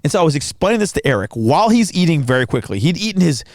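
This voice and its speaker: A man co-hosting a podcast in casual chat, telling a story with lively acted-out quotes. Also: on the high side, racing, dry recording, clean studio sound. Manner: animated storyteller acting out quotes. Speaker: podcast co-host.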